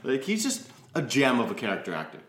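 A man's voice: mid-range voice, huge pitch swings, quick pace, fairly bright tone, echoey room. A man hosting a podcast, telling a story in casual chat and laughing often. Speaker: podcast host.

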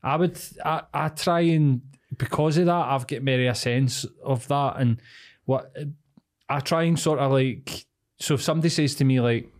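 A man's voice: mid-range voice, moderate pace, a little mellow. Rambling man musing aloud. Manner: reflective, rambling, full of "like". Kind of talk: casual podcast chat.

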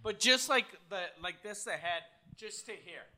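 A man with a very bright, piercing voice jokes crudely on a podcast. His high pitch jumps around with lively energy as he riffs. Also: moderate pace. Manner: joking, crude, laughing. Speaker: podcast co-host. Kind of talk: casual chat.

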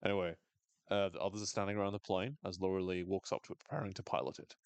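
A man casually recapping a TV episode on a podcast, animated, sweary and wry. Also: deep voice, fast, clean tone, no room sound.

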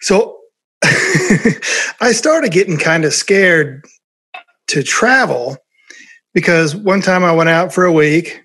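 This is a man with a slightly high-pitched voice who spins a long anecdote from his years promoting records. He tells it in a casual, animated way and laughs often along the way. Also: slow pace, pauses often, husky. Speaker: former record label promoter. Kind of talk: storytelling in casual conversation.

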